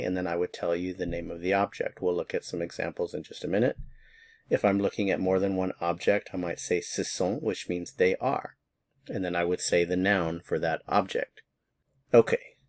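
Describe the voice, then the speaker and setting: Very low voiced guy, teaching french, dry close sound, patient. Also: no room sound. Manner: patient, repeats examples slowly for learners. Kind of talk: slow, clear grammar lesson.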